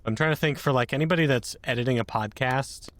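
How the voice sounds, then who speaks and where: A man's voice: medium pitch, fast, a bit bright. A man hosting a casual podcast chat who jokes and laughs as he talks. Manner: chatty and joking, laughs mid-sentence. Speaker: podcast host.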